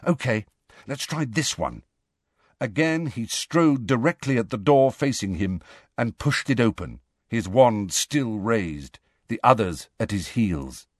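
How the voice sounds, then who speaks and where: A man reading a novel aloud as an audiobook narrator, in a measured storytelling manner. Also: on the low side, lively intonation, no room sound, studio quality. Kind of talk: scripted narration.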